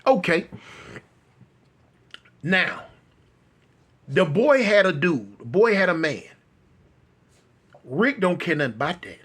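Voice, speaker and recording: High, animated male storyteller. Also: takes it slowly, long pauses, breathy edge. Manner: animated, rambling with many fillers and repeats. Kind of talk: casual storytelling.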